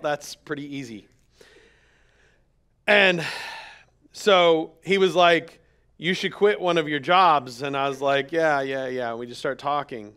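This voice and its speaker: A man's voice: fairly high pitch, a bit bright, smooth. A man, a pastor, speaking candidly to his congregation in a sermon, telling a personal story with quoted dialogue. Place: church sanctuary.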